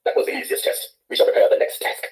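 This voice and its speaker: A man's voice: quick pace, darkish tone, close to an everyday voice. A man doing a stern, commanding sky king. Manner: commanding and demanding. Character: proud stern King of the Sky, old ruler.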